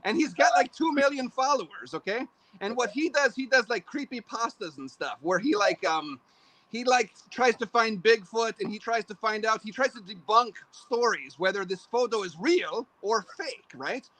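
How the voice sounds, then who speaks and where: A man's voice: high voice, animated, moderate pace, bright, forceful tone, low-quality recording. An older man, a show host, chatting as a podcast guest in a rambling, self-deprecating way. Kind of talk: casual podcast chat.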